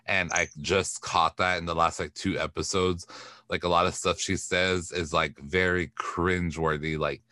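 A man from Corpus Christi, Texas, co-hosts a pop-culture podcast in a loose, chatty way, full of fillers and the odd curse. His voice sits very low but comes across bright and forceful. The sound is dry and close. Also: level tone, moderate pace, no room sound. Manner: chatty, with frequent fillers and swearing. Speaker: podcast co-host. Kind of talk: casual pop-culture chat.

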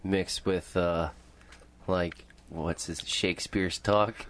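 A man co-hosting a podcast in casual chat, speaking slowly and haltingly with fillers. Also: low-pitched, fairly even intonation, fairly bright tone, slight background noise. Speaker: podcast co-host.

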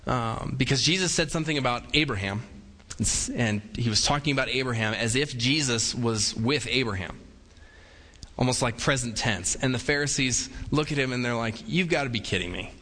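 A man's voice: mid-range voice, normal speed, pushed and bright. A man preaching a conversational sermon as pastor, acting out little quoted voices with humor. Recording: long hall reverb.

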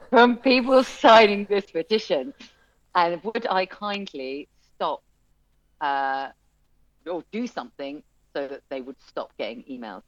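A woman who runs a music venue tells her story in an interview, chatty and animated, with lots of fillers and restarts. Her voice is deep, and the recording is dry and lo-fi.

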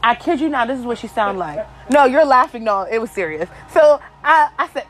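A woman hosting a podcast, telling a story in a casual, animated and crude way, with plenty of swearing. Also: high-pitched, normal speed, a little hiss or hum, poor audio. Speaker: podcast host.

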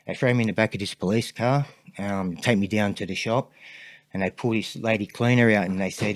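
Man, Australian accent, podcast guest, rambling storyteller, lowish voice, dry sound. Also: steady tone, normal speed, dry recording. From Sydney, Australia. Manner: rambling, filler-heavy storyteller. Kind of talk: casual storytelling interview.

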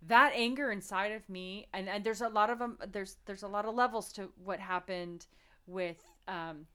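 A woman's voice: mid-range voice, steady tone, moderate pace, fairly bright tone, clear, resonant tone. A woman co-hosts a podcast in loose, casual chat. She rambles expressively, restarting her thoughts and dropping slangy asides. Her voice sits in a middle register. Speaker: podcast co-host.

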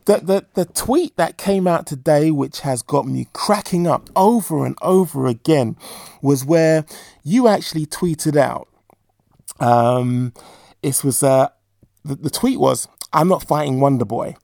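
A podcast host asking rambling, excitable questions in a casual interview. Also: medium pitch, slow pace, vocal fry, dry recording, studio quality. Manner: excitable, rambling, lots of fillers and restarts.

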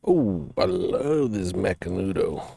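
A young man, co-hosting a casual podcast, loud and full of crude jokes. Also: low-pitched, slow, creaky, slightly rough, dry recording. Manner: animated, loud, crude joking. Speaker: podcast co-host. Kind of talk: casual chat over beers and cigars.

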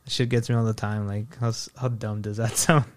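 Laid-back young man with a smooth voice. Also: fairly low pitch, little pitch movement, fairly quick, no echo, studio quality. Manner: laid-back, laughs often, swears casually. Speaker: co-host of couple's movie chat. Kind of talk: casual movie chat.

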